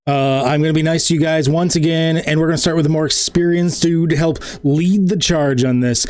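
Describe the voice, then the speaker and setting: A man's voice: on the high side, darkish tone. Chatty man narrating a tabletop game. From Canada. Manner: jokey, chatty. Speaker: game master.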